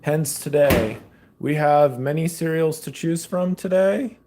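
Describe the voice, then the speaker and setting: A man's voice: a little high, unhurried, background noise. A young man chatting casually in a rambling vlog while he fixes food in his kitchen, filming on a phone held in one hand. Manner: loose, rambling, talks while fixing food. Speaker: faith vlogger. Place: home kitchen.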